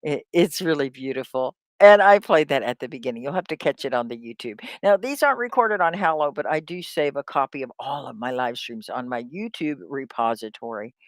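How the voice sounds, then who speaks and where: A woman teaching an English lesson on a live stream, drilling words slowly and cheering on her students. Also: extremely low pitch, lively intonation, dry recording, studio quality. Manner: slow, drawn-out word drills; upbeat, encouraging. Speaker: ESL teacher.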